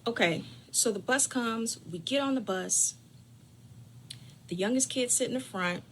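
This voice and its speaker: A woman telling a family story to her audience in a bright, forceful voice. She talks straight to her listeners, plays up the drama, and sometimes sinks to a whisper for effect. A faint hum sits behind her. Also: a little high, a little slow. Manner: lively, dramatic storyteller who drops to whispers for suspense; chatty, addresses listeners directly. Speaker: caregiving channel host. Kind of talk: personal storytelling.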